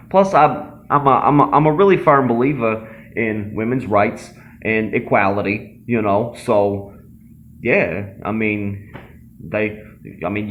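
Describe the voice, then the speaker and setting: A man's voice: medium pitch, lo-fi sound, voice pushed up, close to an everyday voice. A man voicing a brash, boastful young tough guy who rambles, swears and brags in a comedy sketch. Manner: cocky, rambling, swearing, self-aggrandizing.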